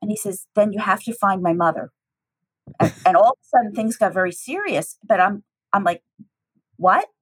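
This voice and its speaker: A woman's voice: a little fast, husky, poor audio. A middle-aged woman from the United States, a teacher, telling a personal story with animation and acting out the dialogue. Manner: lively, acts out dialogue with shifting pitch.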